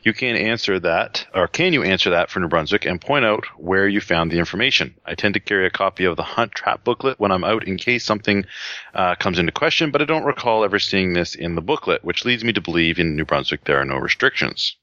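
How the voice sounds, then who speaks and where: A man with a very low, bright and forceful voice co-hosts a relaxed podcast, agreeing easily and laughing often. The sound is dull and a bit lo-fi, in a dry room. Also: quick pace, no room sound. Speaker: podcast co-host. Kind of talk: casual chat, reading listener emails.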